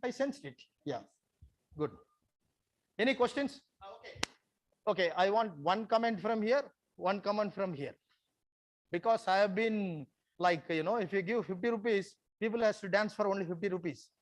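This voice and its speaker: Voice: mid-range voice, moderate pace, pauses often. A theatre facilitator gives a conference talk. The speaker repeats phrases and coaxes the audience to take part.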